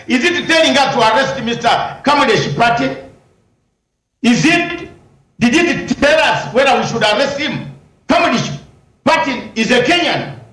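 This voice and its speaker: A man's voice: very high-pitched, fairly bright tone, echoey room, low-quality recording. A man, a lawyer, arguing combatively in a heated news interview, firing rhetorical questions and raising his voice at times.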